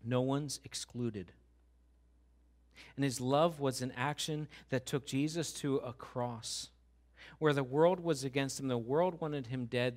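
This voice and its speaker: A man's voice: medium pitch, takes it slowly. Male pastor, mid-range voice, preaching with emphasis, repeats lines and asks the congregation questions. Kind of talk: sermon.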